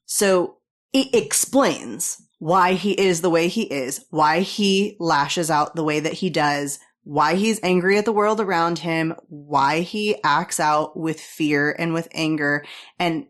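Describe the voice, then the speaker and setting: A woman's voice: sits low, slow pace. A woman co-hosting a podcast, chatting casually, questioning and frustrated about plot holes. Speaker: podcast co-host. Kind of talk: casual chat.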